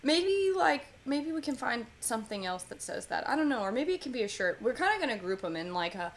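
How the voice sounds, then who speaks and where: A woman's voice: on the high side, sing-song, a little fast. A woman co-hosting a live whiskey tasting stream, chatty and rambling. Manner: chatty, rambling, upbeat with laughs. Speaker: co-host. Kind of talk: casual live tasting chat. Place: home in Kentucky.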